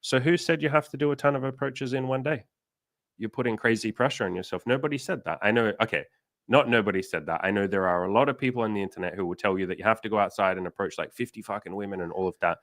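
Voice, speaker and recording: A fast, blunt man with a lowish voice hosts a casual livestream, talking through dating advice and slipping into quoted voices. He swears freely. The sound is dry and close. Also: a bit bright, no echo. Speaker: dating coach and livestream host.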